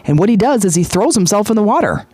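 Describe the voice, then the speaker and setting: A man hosting a podcast, retelling a story in a lively, chatty way with frequent fillers. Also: high voice, fast talker, breathy edge, dry recording. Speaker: podcast host. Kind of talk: casual storytelling monologue.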